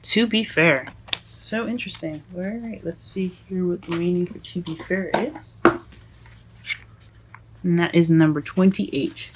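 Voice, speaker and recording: A woman giving a casual tarot reading to her viewers, halting and self-correcting as she goes, often calling them "guys". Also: on the low side, noisy background. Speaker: tarot reader.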